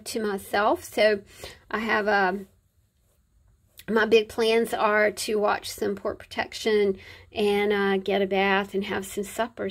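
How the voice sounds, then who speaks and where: Chatty woman with a gravelly voice. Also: fairly high pitch. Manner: chatty, warm, rambling with fillers. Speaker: crafter showing handmade journals. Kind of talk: casual show-and-tell vlog.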